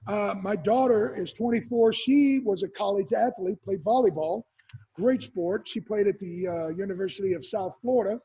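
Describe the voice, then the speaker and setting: In a dull, lo-fi recording, a man in his sixties who once played football tells stories during an interview, animatedly voicing other people's words. He speaks at normal speed in a high-pitched, breathy voice.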